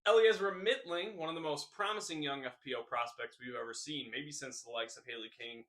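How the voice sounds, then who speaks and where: A young man hosting a scripted news recap with deadpan, jokey asides and rambling tall tales. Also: fairly high pitch, fairly quick. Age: young adult. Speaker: host.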